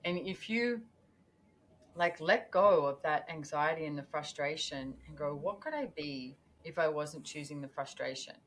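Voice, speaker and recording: A woman talking as a podcast guest in a casual, animated way, acting out her own thoughts as she goes. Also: deep voice, unhurried, slight background noise. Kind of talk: casual conversational interview.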